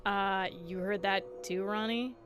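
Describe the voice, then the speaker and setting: A woman's voice: medium pitch, steady tone, a little slow, fairly bright tone. A woman streamer chatting casually and playfully, giggling often and tripping over tongue twisters. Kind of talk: casual live-stream chat while gaming. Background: background music.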